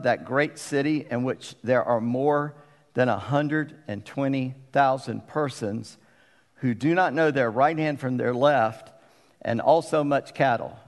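A middle-aged man preaching a conversational sermon as pastor, often putting questions to the congregation. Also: medium pitch. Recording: long reverb of a church hall.

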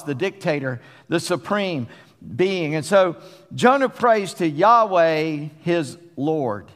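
A male pastor with a Southern accent delivers a sermon in a folksy, talk-it-through manner. His voice sits a little high for a man. The recording carries the long echo of a church sanctuary. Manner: folksy, conversational preaching. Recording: long reverb of a church hall.

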